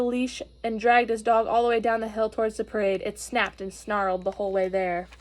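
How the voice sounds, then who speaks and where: A woman reading a storybook aloud to children, expressive and gently explaining. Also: mid-range voice, brisk, hardly any pauses.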